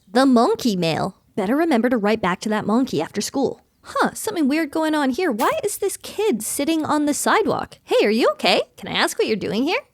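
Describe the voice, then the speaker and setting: A woman's voice: sits high, no echo. A young woman hosting a gaming channel, bubbly and wry as she narrates her play and reads characters' lines aloud. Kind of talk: playing and narrating a game.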